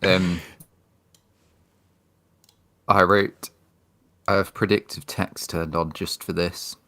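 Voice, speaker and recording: A man's voice: low voice, level tone, takes it slowly, pushed and bright. A man co-hosting a casual podcast chat, giving short dry replies and laughing easily. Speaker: podcast co-host.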